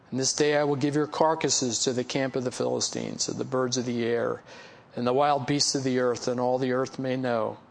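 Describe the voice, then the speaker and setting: A man's voice: mid-range voice, gravelly, a little hiss or hum. A male pastor giving a casual, story-filled sermon, teaching from a Bible passage with folksy asides and chuckles. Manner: conversational, folksy, laughs at own stories. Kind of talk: sermon with personal stories.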